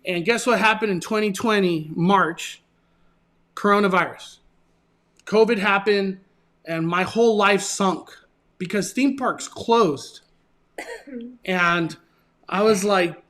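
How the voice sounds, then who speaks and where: A man with a notably high speaking voice hosts his own channel. He tells his story in a casual, earnest and emotional way, often restarting his sentences. He is from Southern California. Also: slow, long pauses, fairly bright tone. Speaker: channel host.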